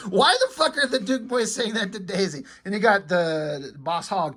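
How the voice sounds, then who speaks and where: Husky-voiced man reading comics aloud. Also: sits high, a bit bright. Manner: reads comic lines aloud in quick silly voices.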